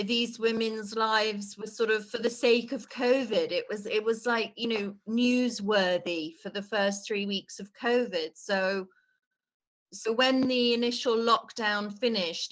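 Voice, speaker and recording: Woman performance artist, emotional and halting, on a video call. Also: mid-range voice, a bit bright. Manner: earnest, halting with many restarts. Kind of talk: online exhibition talk.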